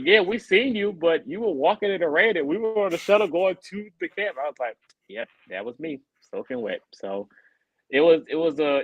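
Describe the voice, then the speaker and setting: A man co-hosting a podcast tells a long, casual story, jumping up in pitch whenever he acts out what someone said. His voice sits in a middle register. The sound is dry and close. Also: dry recording, highs cut off. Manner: animated, acts out quoted people in a raised voice. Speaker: podcast co-host.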